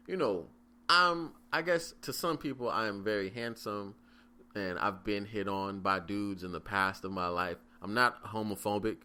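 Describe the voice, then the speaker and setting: A man's voice: fairly low pitch, a little slow, pushed and bright. A man in his twenties hosting a casual solo podcast, telling stories in a rambling, profane way full of fillers and restarts. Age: 20s. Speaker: podcast host.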